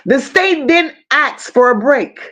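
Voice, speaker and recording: A woman's voice: sits high, animated, takes it slowly, pushed and bright. A woman hosting a casual true crime livestream, telling the story bluntly and with strong emotion, swearing freely and talking straight to her viewers. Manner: addresses viewers directly.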